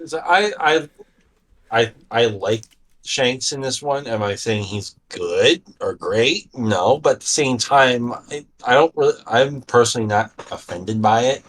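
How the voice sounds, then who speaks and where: A man's voice: medium pitch, animated, measured pace, a bit bright, distant mic. A man co-hosting a talk show, chatting casually in a hesitant, stammering way. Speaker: podcast co-host. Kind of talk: casual chat.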